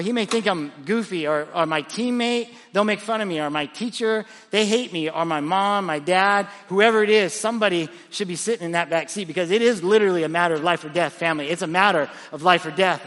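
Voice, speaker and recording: A pastor preaching with a high, bright, forceful voice, lively and full of stories, often stumbling over repeated words as he restarts. He is recorded in a large church auditorium, and his voice carries a long hall reverb. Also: fairly quick, hardly any pauses. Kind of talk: sermon.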